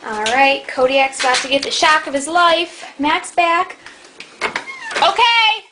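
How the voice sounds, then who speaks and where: A woman's voice: high voice, animated, a little slow. A woman filming a home video in a living room, gushing and giggling as she voices what the dog is thinking. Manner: gushing, giggly, narrates the dog's thoughts. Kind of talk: excited home-video chatter. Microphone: handheld camera or phone. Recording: echoey room with noisy home-video sound.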